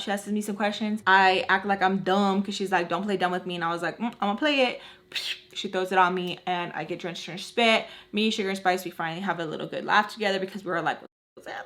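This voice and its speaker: A woman in her twenties telling a personal story to her viewers, animated and frank with casual slang. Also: medium pitch. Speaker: storytime vlogger.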